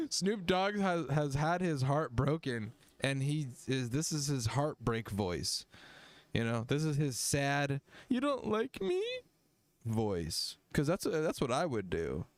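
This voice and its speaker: A man hosting a livestream music review, talking casually, joking and swearing as he thinks out loud. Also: mid-range voice, sing-song, slow, no echo. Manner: profane, jokey, thinks aloud.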